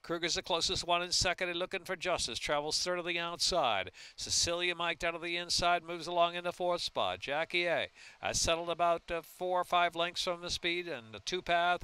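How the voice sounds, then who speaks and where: Bright-voiced male horse race caller. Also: fairly high pitch, clear, resonant tone. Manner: rapid, rising excitement in the stretch.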